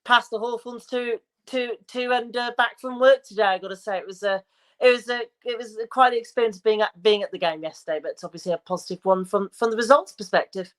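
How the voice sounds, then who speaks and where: A woman calling in to a fan phone-in, speaking haltingly with many restarts and repeated words. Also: fairly high pitch, steady tone.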